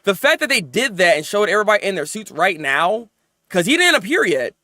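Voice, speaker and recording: A man reviewing anime episodes in casual, animated chat, venting and rambling as he goes. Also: high-pitched, dry recording, studio quality. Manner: animated, rambling, quick to vent.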